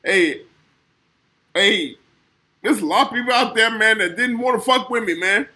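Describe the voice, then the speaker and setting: A man's voice: very high-pitched, quick pace, sharp tone. A man from co-hosting a podcast, tearful and rambling as he thanks people, casual and profane. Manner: emotional, rambling thank-yous, swearing. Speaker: podcast co-host. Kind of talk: casual chat.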